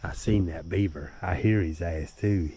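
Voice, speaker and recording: A man's voice: sits low, moderate pace. A tipsy man vlogging by a river on a handheld camera, rambling and cursing with chuckles in between. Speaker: bikepacking vlogger. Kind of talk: rambling outdoor vlog. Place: outdoors by a river. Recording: outdoor recording with loud nature noise. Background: crickets and insects.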